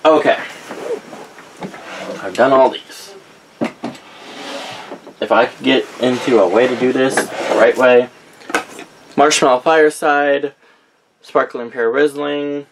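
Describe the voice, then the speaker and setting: Young male vlogger, unhurried and rambling, stops often to correct himself, faint hiss behind. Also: medium pitch, steady tone. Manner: rambling, reads out names with frequent self-corrections. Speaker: vlogger showing a candle collection. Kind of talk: casual chat.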